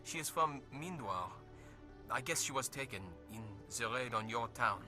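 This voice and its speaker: An actor playing a hesitant, apologetic dock lieutenant in a video game. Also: male voice, medium pitch, lively intonation, normal speed, close to an everyday voice. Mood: concerned. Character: concerned male dock lieutenant. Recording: game audio with music behind.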